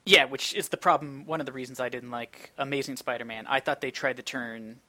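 A man's voice: medium pitch, fairly even intonation, brisk, bright, forceful tone, no room sound. A young man co-hosting a casual film podcast, opinionated and sarcastic, with lots of "like" fillers. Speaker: podcast co-host. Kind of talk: casual chat.

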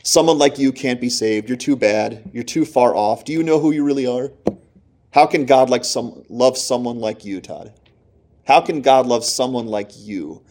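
A man's voice: mid-range voice, moderate pace, a little mellow, lightly acted. A man voicing the accusing devil. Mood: taunting. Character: taunting male devil accusing a believer.

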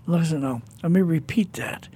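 Emphatic interview host, husky mellow voice. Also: mid-range voice, moderate pace. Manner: emphatic, preacherly asides. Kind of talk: religious talk-show interview.

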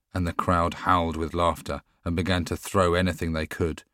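Man reading an audiobook, really low voice, steady pace, dry close sound. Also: dry recording. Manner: measured, steady storytelling. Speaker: audiobook narrator. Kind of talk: scripted narration.

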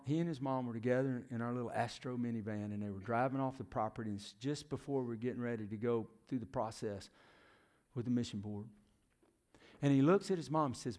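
A man's voice: medium pitch, a little mellow. A middle-aged man preaching a sermon. He questions the congregation and often drops to a near whisper. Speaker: preacher, former youth minister and missionary.

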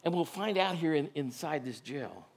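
A man's voice: a little high, animated, moderate pace, vocal fry. A man preaching a sermon in a church, folksy and conversational, often asking the congregation rhetorical questions. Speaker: pastor.

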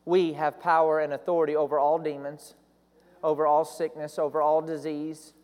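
A man's voice: a little high, flat delivery, moderate pace, darkish tone, in a large hall. A man preaching a sermon, building to emphatic repeated declarations.

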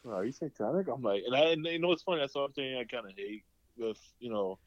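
A medium-pitched man with lively intonation talks fast as co-host of a casual podcast. He rambles through stories loaded with swearing, acting out quotes, on a lo-fi recording with no room sound.

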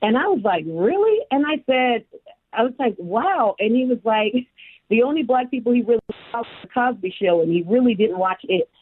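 Animated Chicago-raised woman on a phone line. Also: fairly high pitch, a little fast, no room sound. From south side of Chicago, USA. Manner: animated, acts out the voices of people in her stories. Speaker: guest, human resources executive. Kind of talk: personal storytelling in an interview. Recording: phone-like narrow band, dry.

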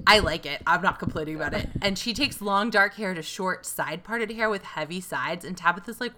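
A woman co-hosting a casual podcast who recaps a TV show with swearing and quick impressions of the people in it. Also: a little hiss or hum. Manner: animated storyteller, swears freely, mimics people in a low voice. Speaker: podcast co-host. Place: New York City.

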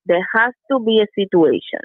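A woman's voice: medium pitch, animated, a little fast, no echo. A woman talking casually, hesitant and repeating herself, often breaking into laughter. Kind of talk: casual conversation. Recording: tinny phone line.

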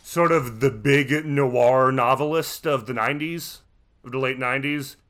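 A man's voice: mid-range voice, unhurried, a bit bright. A man co-hosting a podcast, chatting casually with a rambling, profane manner and many restarts. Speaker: podcast co-host.

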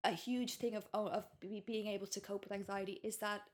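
A woman's voice: mid-range voice, fairly even intonation, a little fast. An Irish woman in her thirties, a guest author talking frankly and casually on a podcast, full of "like" and "you know". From Ireland. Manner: frank and chatty, with lots of fillers like "like" and "you know".

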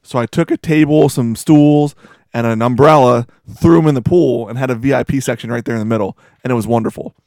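A man co-hosting a podcast tells a story in a relaxed, wry way. His pitch is average. The sound is dry and close to the mic. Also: brisk, no echo. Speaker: podcast co-host. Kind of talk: casual chat.

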